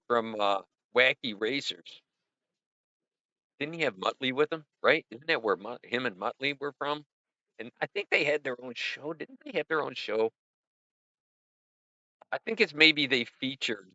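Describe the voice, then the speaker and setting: A middle-aged man with a bright, forward voice, chatting loosely on a livestream. He rambles and sounds upbeat, throwing in a punchy "boom" now and then. The sound is dry and a little dull, like lo-fi stream audio. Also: dry recording. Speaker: livestream host. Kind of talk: casual livestream chat reviewing viewer art.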